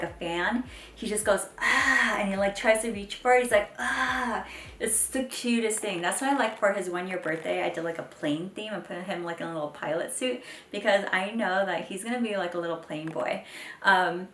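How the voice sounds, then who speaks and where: A young woman chatting casually to camera as a mom vlogger, full of "like" and "um", with pitch jumping up when she mimics her kids. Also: fairly bright tone. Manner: chatty, fills speech with "like" and "um". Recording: echoey home room, faint background noise.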